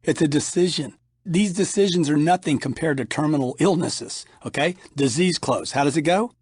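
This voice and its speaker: Middle-aged male sales trainer, emphatic, acts out customer lines, slightly high voice, dry close mic. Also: moderate pace, a little mellow, slightly rough, no room sound. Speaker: sales trainer reading his audiobook. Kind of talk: instructional audiobook narration.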